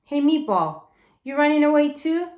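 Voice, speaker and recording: A woman's voice: a little high, lively intonation, slow pace, roomy sound, lo-fi sound. A woman voicing a scrappy, bossy boy of about eight who taunts and growls, reading a storybook aloud. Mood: taunting.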